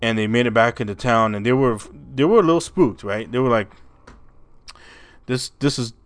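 A man's voice: mid-range voice, expressive, fast talker, clear, resonant tone, no echo. A man hosting a podcast, telling a story in a rambling, casual way, stumbling over and repeating his words and swearing freely. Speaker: podcast host.

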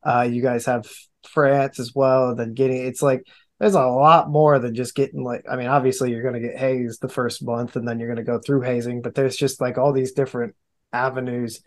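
A man's voice: mid-range voice, flat delivery, moderate pace. A man hosting a podcast, asking questions casually with lots of fillers. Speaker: podcast host.

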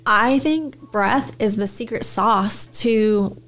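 A woman's voice: mid-range voice, takes it slowly, a bit bright. A woman co-hosting a casual podcast, speaking in an emphatic and earnest way. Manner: emphatic and earnest, talks about breathing and rituals.

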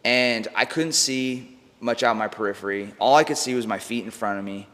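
A US podcast guest who works as a mindset coach tells a personal story, loose and slangy, swearing freely and using "bro" and "like" a lot. His mid-range voice is a bit bright with fairly even intonation and normal speed, recorded in long room reverb.

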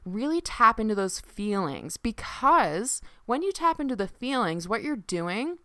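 A young woman hosting a casual solo podcast. She talks in an animated, chatty way, swears freely and fills her speech with "like". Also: on the high side, measured pace, dry recording, studio quality. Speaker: podcast host and coach.

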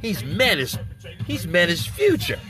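A man's voice: sits high, huge pitch swings, unhurried. A man hosting an internet radio show, riffing in a profane, rambling comedic monologue and laughing at his own jokes. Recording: music playing underneath. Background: music.

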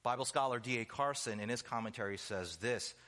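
A man preaching a sermon, emphatic, with rhetorical questions, conversational asides and slowed stressed phrases. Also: medium pitch, fairly bright tone.

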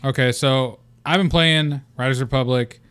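A man's voice: medium pitch, steady tone, moderate pace, fairly bright tone, clean tone. Loose, joking young man hosting a podcast. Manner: loose, joking, swears freely. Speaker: podcast host. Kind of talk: casual gaming podcast chat.

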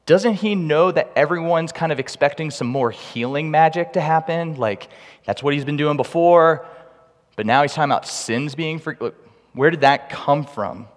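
A man's voice: fairly high pitch, pitched above the performer's own voice, lightly acted. A man voicing a confused young man asking incredulous questions, in a reverberant hall. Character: baffled group of young men, confused.

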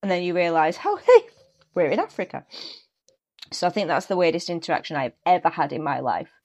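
A woman, a guest telling stories in a lively, animated way over a remote call. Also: fairly low pitch, fast. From England. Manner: lively, animated storytelling with laughs. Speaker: guest, actor and football fan. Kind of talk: casual podcast chat over a call.

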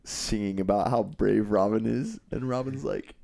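A man's voice: fairly low pitch, normal speed, vocal fry, warm tone. A man in casual conversation about a film, speaking hesitantly with many fillers. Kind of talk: casual movie discussion.

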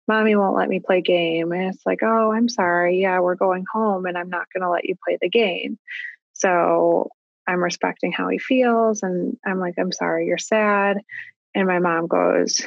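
A woman in her thirties, a parent talking about her family in a casual conversation, thoughtful and halting, with frequent restarts. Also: on the low side, gravelly, no echo, lo-fi sound. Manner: reflective, halting with restarts and likes. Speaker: guest parent.

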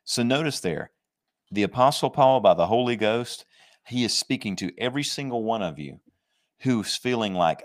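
A man preaching a sermon, emphatic and conversational, slowing down to stress scripture verses and joking with his listeners. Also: medium pitch, animated. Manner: jokes and laughs with the congregation.

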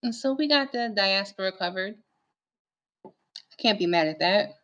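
Woman, bright tense voice, musing, hesitant, casual chat. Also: medium pitch, expressive, moderate pace, dull audio. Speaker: podcast co-host.

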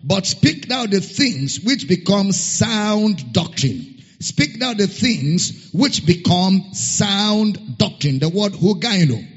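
Man preaching slow n animated, high husky voice, muffled sound w long hall echo. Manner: slow, emphatic scripture reading with repeated phrases; spells out a Greek word letter by letter. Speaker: pastor. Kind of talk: sermon.

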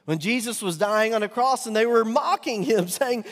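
A male pastor preaching a sermon. He swings from loud, emphatic peaks to soft, near-whispered lines and asks the congregation rhetorical questions. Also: high voice, normal speed, hardly any pauses. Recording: long hall reverb.

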